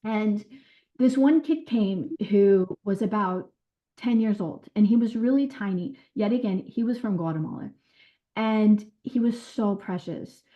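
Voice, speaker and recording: A woman who was a caseworker, telling her experiences in an interview in an earnest, animated way with quoted dialogue. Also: medium pitch, a little slow. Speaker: former caseworker. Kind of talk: recounting stories in an interview. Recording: dull lo-fi sound.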